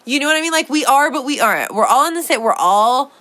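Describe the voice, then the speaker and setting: Bright-voiced rambling woman podcaster. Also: high voice, animated, fast. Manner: rambling, full of "like" fillers, playful and laughing. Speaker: podcast host. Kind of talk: casual chat.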